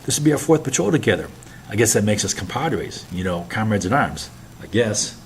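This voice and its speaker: A man's voice: lowish voice, animated, fairly quick, slight background noise. A man reading a bitter, scheming young naval officer who snaps orders and puts on forced friendliness. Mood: falsely friendly.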